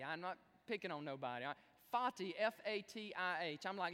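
Male pastor, high, swooping delivery, talks right to the pews, long hall reverb. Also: fairly quick. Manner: animated storytelling, talks directly to the congregation. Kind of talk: sermon.

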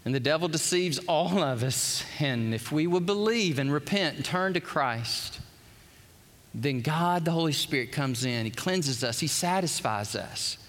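Male pastor, high pitched, animated storyteller, booming hall reverb. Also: a little slow. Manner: animated storytelling, acts out quotes. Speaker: preacher. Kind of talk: sermon.

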